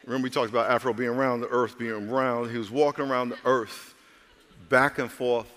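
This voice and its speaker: A man's voice: medium pitch, steady tone, fairly quick, a bit bright, long reverb tail, slight background noise. A male pastor preaching a sermon with humor, calling out to the congregation and voicing characters in his stories.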